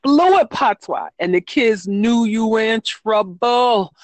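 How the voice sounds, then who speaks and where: A woman's voice: a little high, lively intonation, slow, dry recording. A woman author talking casually in an interview, rambling with frequent ums and self-corrections. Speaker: children's book author, guest.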